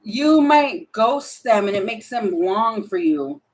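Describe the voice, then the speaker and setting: A woman reading tarot cards for her viewers in a relaxed, talkative way, with a voice pitched a little high. She laughs often and thinks out loud between cards, as if chatting to a friend. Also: takes it slowly, rough recording. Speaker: tarot reader. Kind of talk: casual tarot reading to camera.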